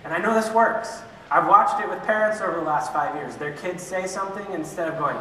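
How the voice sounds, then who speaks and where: Recorded from far off in an echoey hall with faint background noise, a man leads an adult church class at a measured pace. His voice is high and sharp, and he answers his own questions while slipping in jokes.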